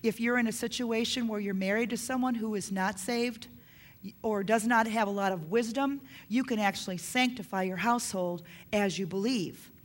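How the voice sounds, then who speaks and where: A woman's voice: medium pitch, normal speed. A middle-aged woman preaching a sermon on parenting, earnest, repeating her key points for emphasis.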